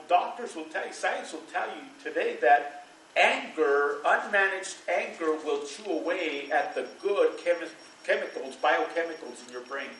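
A man's voice: fairly high pitch, fairly bright tone, roomy sound, recorded from a distance, slight background noise, poor audio. A middle-aged man preaching a sermon to a church congregation, in a loose, conversational way, with fillers and bursts of laughter. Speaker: pastor.

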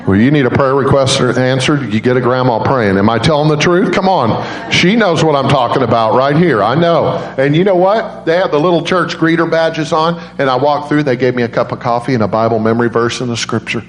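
Energetic male preacher in echoey church. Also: brisk, hardly any pauses. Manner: animated, jumps into high voices for quoted grandmas. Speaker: guest preacher. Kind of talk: storytelling sermon. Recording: roomy church echo.

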